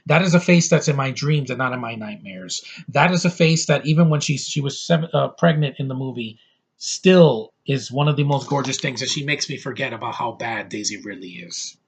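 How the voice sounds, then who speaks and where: A man's voice: mid-range voice, a bit bright, slightly rough. A young man giving a brash, over-the-top movie review, ranting and swearing as he talks.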